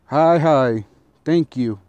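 Man reading as a hungry, meek male fox; slow, polite, pleading. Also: medium pitch, mellow, no echo, muffled recording, lightly acted. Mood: humble. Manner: humble, pleading.

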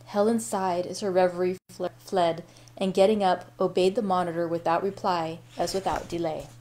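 A woman hosting a library read-aloud, reading a novel in a steady, unhurried way with small self-corrections. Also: lowish voice.

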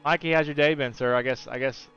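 A man streaming a video game, chatting casually with his viewers, joking crudely and now and then bursting into loud hyped shouts. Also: mid-range voice, steady tone, fast, clean tone, dull audio, soft background music. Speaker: gaming streamer.

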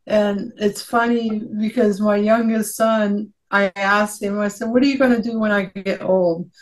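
A woman's voice: medium pitch, steady tone, rough recording. A middle-aged woman chatting casually, telling stories and laughing often. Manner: slow, laughing, anecdotal. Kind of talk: casual chat.

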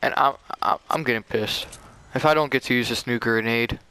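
Young man, casual gameplay chatter, excitable, mid pitch, clean smooth tone. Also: brisk, no echo. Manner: excitable, says "dude" and "bro" a lot. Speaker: gamer. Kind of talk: casual gameplay chat with a teammate.

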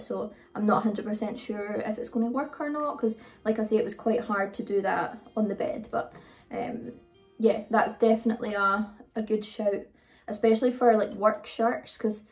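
A woman's voice: mid-range voice, a little mellow. A British woman chatting casually through a haul video, rambling with frequent ums. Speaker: vlogger. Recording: voice a bit far from the mic, faint music.

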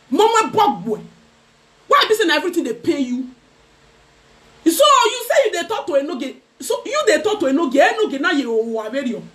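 A woman's voice: high-pitched, a bit bright. A young Nigerian woman vlogger ranting on a live stream, mocking and dramatic, laughing between jabs. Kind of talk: heated live-stream rant in Pidgin.

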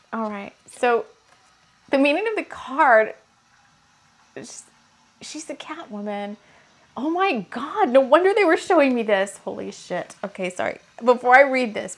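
A woman's voice: on the high side, creaky. A woman reading oracle cards in a casual, gushing way, laughing often as she talks about her decks and her books. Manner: gushing and excitable, quick to laugh. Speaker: spiritual energy reader and deck author.

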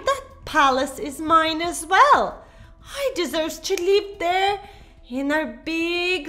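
A woman's voice: very high voice, bright, forceful tone, heavily acted. A woman voicing a dramatic young mother in a Minecraft role-play, with fretful, breathless exclamations. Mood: lovestruck. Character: frantic, dramatic young mother under a spell.

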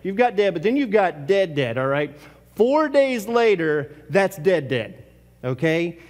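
A man's voice: high voice, big pitch swings, unhurried, big-room sound. A man preaching a sermon as pastor, talking casually and asking the congregation questions. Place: church sanctuary.

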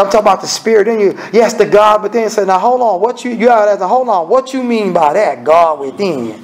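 Male preacher, high gravelly voice, folksy, blunt and funny, acts out everyday dialogue. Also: a little hiss or hum, rough recording. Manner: blunt, scolding, humorous. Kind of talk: evening sermon.

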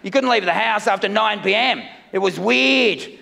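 A middle-aged man from Melbourne with an Australian accent, doing a loud, rambling, self-mocking stand-up routine on a festival stage. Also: high voice, normal speed, vocal fry, big-room sound. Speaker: stand-up comedian. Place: comedy festival stage with live audience.

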